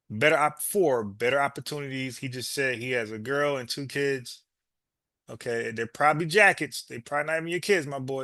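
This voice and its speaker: A man hosting a reaction video, blunt and animated as he answers back at the footage. His voice is bright and forceful, recorded dry and close. He never lets a point slide. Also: mid-range voice, no room sound. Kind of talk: casual reaction commentary.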